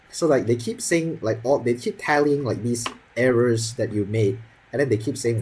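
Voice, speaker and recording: A man's voice: medium pitch, fast, darkish tone, husky, low-quality recording. A young man in his teens telling a school story as a casual, profane, sarcastic rant full of fillers.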